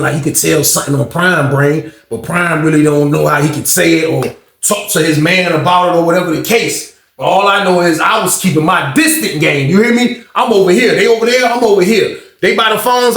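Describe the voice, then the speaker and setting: A man's voice: high voice, gravelly, fairly bright tone, roomy sound. A man telling a story in a casual, slangy way, acting out the people he quotes. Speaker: storyteller, channel host.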